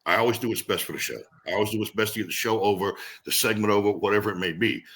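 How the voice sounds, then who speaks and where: A middle-aged man, a veteran pro wrestler, telling stories in a casual interview, animated and profane, acting out the people he quotes. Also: lowish voice, rapid-fire.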